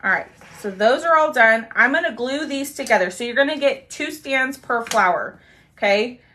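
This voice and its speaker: A bubbly young woman chats her way through a live craft demo. Her voice is bright and a little high, and she keeps thanking viewers by name between steps. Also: animated, normal speed. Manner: bubbly, talks to viewers while working, thanks commenters. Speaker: craft live-stream host.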